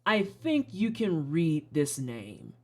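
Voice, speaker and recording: Streamer, Midwestern American accent, average pitch; loose, frank live commentary full of tangents and casual cursing. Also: wildly swooping pitch, slow, a little mellow. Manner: rambling, frank, swears casually. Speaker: streamer playing game demos.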